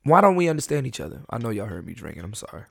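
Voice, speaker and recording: A man hosting a solo podcast in casual, profane talk, animated, often restarting and repeating words as he rants. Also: mid-range voice, rapid-fire, creaky, husky. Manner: animated, repetitive restarts, profane, laughs at himself. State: high on an edible. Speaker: podcast host.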